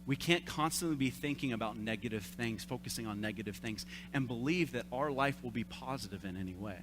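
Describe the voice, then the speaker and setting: A man in his thirties, a young adults pastor, giving a conversational sermon with animated, self-deprecating stories. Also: medium pitch, a little fast, noisy background. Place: church service.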